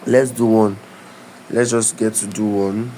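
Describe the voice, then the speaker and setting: A man's voice: fairly low pitch, little pitch movement, a little slow, warm tone, slight background noise, low-quality recording. A man giving a live step-by-step tutorial, talking loosely and often stopping to ask if you understand. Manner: instructive, keeps asking "do you understand?"; loose, repeats and restarts phrases. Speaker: tutorial creator. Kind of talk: live screen-share tutorial.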